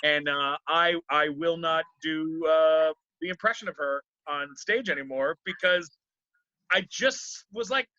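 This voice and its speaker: A male comedian talking casually, circling his points with fillers and restarts. His voice is sharp and forceful, sitting a bit high for a man. The sound is dry and slightly dull, with no room around it. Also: unhurried, dry recording. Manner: rambling, many fillers and restarts. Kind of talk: casual interview chat.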